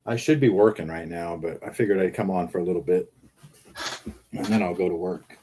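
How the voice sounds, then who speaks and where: A man with a fairly low voice hosts a loose livestream chat, talking into his phone from the car. He rambles from one thing to the next and reads viewer comments aloud with a joking edge. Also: fairly quick, warm tone, slight background noise. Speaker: livestream host.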